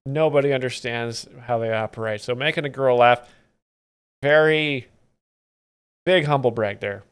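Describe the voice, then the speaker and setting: A man with a smooth, clean voice talks over comedy clips on a live stream. He explains the jokes with mock-pedantic seriousness and a dry, deadpan delivery. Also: mid-range voice, measured pace. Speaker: comedy commentator host.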